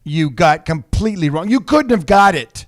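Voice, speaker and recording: A man co-hosting a business show, talking in a halting, easygoing way with many repeats. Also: high-pitched, lively intonation. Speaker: co-host. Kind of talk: casual chat.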